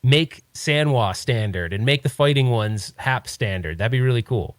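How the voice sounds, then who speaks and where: A man's voice: mid-range voice, animated, normal speed, no echo, clean studio sound. A man hosting a podcast, talking in a rambling, opinionated, casual way. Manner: rambling, opinionated, many restarts. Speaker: podcast host. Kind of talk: casual chat.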